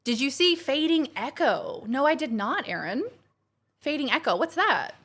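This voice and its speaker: A woman's voice: high-pitched, very animated, normal speed, a bit bright. A woman streamer chatting casually and bubbly with her live chat from home while planning her week. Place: home, kitchen.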